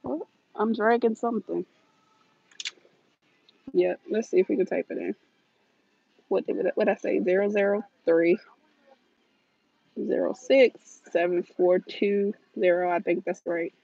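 An American shopping vlogger livestreams from a big store, carrying her phone as she walks and chatting loosely with plenty of laughter. Her mid-range voice is steady, a little slow, and slightly rough with vocal fry, and she pauses often. The phone recording sounds dull and dry.

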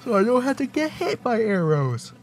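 A young man giving casual gameplay commentary, excitable and profane, laughing and exclaiming often. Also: very high voice, normal speed. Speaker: gaming channel host. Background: game music.

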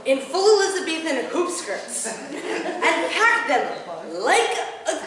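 High-voiced woman telling a tale in a hall. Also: animated, slow, a bit bright. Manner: laughs through her own story; acts out characters' lines in bursts. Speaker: bard at a gathering. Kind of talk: live comic storytelling. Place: large hall at a live event. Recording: echoey hall from far off with audience. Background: audience murmur and laughter.

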